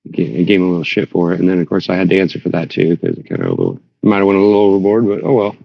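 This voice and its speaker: A man chatting casually on a voice call, rambling through a story and getting animated when he quotes himself. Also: low voice, racing, vocal fry, dry recording. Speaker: Discord server member. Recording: dull lo-fi voice chat audio.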